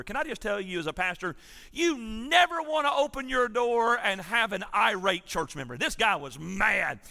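A man's voice: high-pitched, vocal fry, pushed and bright, long reverb tail. A man, a pastor preaching an emphatic, storytelling sermon in a church sanctuary.

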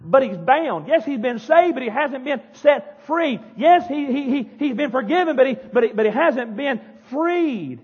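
Fiery high-voiced preacher man. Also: animated, normal speed, few pauses. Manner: fiery preaching, yells and pounds the pulpit. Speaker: pastor. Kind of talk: sermon. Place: church sanctuary. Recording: dull echoey church hall.

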